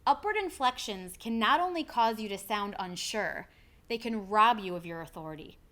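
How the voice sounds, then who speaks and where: A woman, an executive speaker coach, giving a clear, deliberate lesson on how to speak with confidence. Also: medium pitch, animated, bright, forceful tone. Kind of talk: instructional video presentation.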